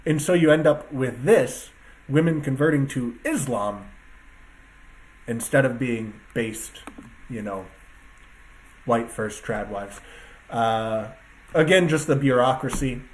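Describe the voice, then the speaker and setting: A man's voice: mid-range voice, slow, long pauses, a little hiss or hum. A man ranting to his viewers in a casual solo talk as an online commentator, emphatic, profane and rambling, speaking from his computer desk. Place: at a computer with two screens.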